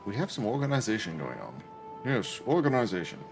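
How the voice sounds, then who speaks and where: A Canadian streamer plays a game from his apartment, chatting and joking with his viewers in a casual livestream. His lowish voice is sing-song and brisk, heard over music.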